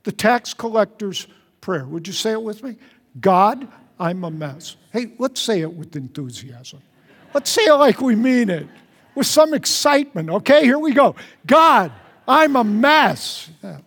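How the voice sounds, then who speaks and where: A man preaching a sermon as pastor, earnest, repeating phrases and dropping softly for prayers. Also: very animated, moderate pace. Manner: earnest, repeats phrases, drops to soft low tones for prayers. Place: large church hall. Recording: long hall reverb.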